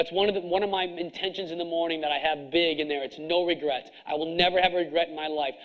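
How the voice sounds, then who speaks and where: A middle-aged man with a high voice delivers a fervent, preachy motivational talk, hammering his points home by repeating them. The recording is dull and lo-fi. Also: a bit bright. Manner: intense, preachy, repeats himself for emphasis. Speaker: chiropractor speaking to students.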